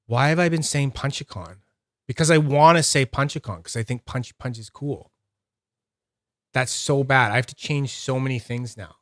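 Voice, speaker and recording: A man's voice: mid-range voice, a bit bright, no echo, studio quality. Rambling Canadian man on a livestream. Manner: rambling, self-mocking, laughs often. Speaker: livestream host reviewing fidget toys. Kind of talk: casual livestream chat.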